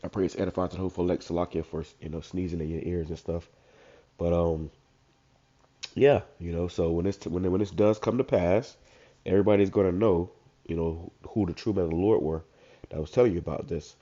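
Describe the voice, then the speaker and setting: A man with a stuffed-up voice who reads verses slowly, then comments on them in casual slang. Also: sits low, fairly even intonation, warm tone. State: congested, stuffed up. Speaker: street preacher. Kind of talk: informal scripture commentary. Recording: dull lo-fi recording.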